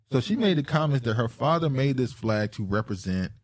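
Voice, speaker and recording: A man hosting a casual podcast chat. He laughs often and his voice jumps up when he gets excited. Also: medium pitch. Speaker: podcast host.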